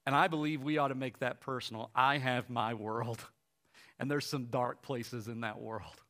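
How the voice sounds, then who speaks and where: A man's voice: medium pitch, moderate pace. Man preaching a story-driven sermon. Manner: retells a story with lively quoted voices, quiet and soft at the close. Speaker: pastor.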